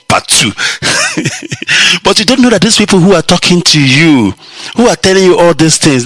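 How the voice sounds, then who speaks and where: A man's voice: a little high, pushed and bright, no room sound. A man with a Nigerian accent, hosting a radio broadcast and delivering an impassioned, preachy monologue, mocking his listeners and laughing at his own jokes.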